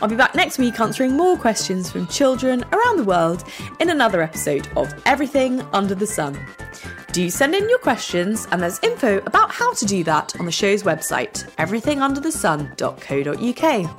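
A woman hosting a podcast for children, reading a script in a bright, expressive way. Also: on the high side, fairly quick, faint music behind. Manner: bright, lively, expressive delivery.

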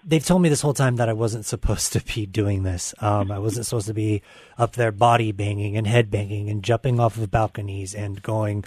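A man's voice: lowish voice, steady tone, a little fast, darkish tone, no room sound, clean studio sound. A man speaking candidly as a guest on a live call-in radio show, rambling with many fillers. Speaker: guest musician. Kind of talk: casual radio interview.

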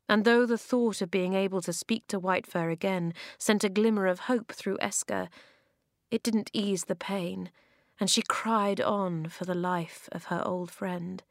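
Expressive woman reading a children's story. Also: a little slow, no room sound, clean studio sound. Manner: expressive, acts out dialogue with sharp jumps in pitch and volume. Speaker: narrator. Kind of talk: reading a children's novel aloud.

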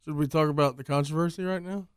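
Male radio co-host, fast and joking, slightly high voice, dry sound. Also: fairly even intonation, clear, resonant tone, no room sound. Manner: quick, joking asides. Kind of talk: casual radio banter.

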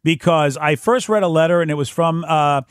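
A man hosting a casual podcast chat, talking excitedly and acting out quotes. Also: fairly high pitch, fairly quick, smooth, no room sound, clean studio sound. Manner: excitable, acts out quotes, repeats himself when fired up. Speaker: podcast host.

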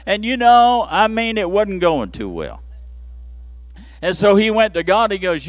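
A man preaching a sermon in church, swinging from low murmurs to shouted peaks with playful asides. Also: big pitch swings, a little slow, dry recording, soft background music. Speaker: pastor.

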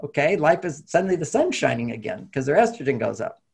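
Middle-aged male therapist, animated storyteller; slightly high, husky voice with fry. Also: quick pace. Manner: animated storytelling, acting out quotes. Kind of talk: storytelling talk.

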